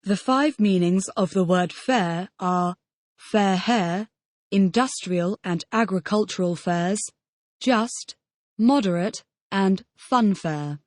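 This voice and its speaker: Playing the model student, a woman answers drills in a scripted audio language lesson, repeating every question back as a complete sentence. She speaks slowly in a mid-range, darkish voice, and there is no echo.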